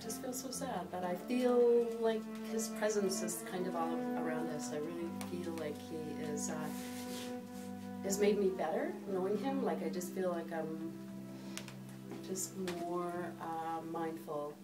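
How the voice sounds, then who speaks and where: Woman, lowish voice, reflective memorial tribute, hesitant, distant, echoey room. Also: unhurried. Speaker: friend speaking at a memorial. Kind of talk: heartfelt personal remembrance. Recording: roomy, distant, loud music behind.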